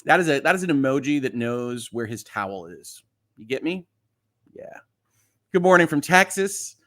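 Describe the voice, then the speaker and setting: A man's voice: mid-range voice, lively intonation, normal speed, fairly bright tone. A middle-aged man hosting a casual livestream, chatting and reassuring viewers while reading their comments, often laughing. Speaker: host.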